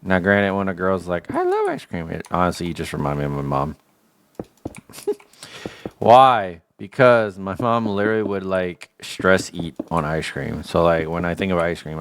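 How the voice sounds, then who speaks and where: Deep-voiced man ranting casually. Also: steady tone, moderate pace, clean tone. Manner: slangy, joking rant. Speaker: gaming livestreamer. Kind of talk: casual chat while gaming.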